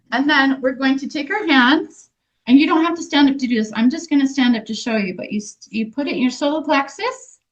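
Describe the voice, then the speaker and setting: A woman in her fifties leading a guided group workshop, speaking in a gentle, earnest way with frequent restarts. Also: high voice. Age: 50s. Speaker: energy healing workshop leader. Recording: dull lo-fi recording.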